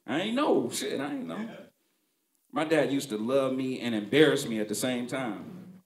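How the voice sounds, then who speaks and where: Animated male stand-up comic. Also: medium pitch, moderate pace, reverberant. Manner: conversational, punchy, profane. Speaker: stand-up comedian. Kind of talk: stand-up storytelling.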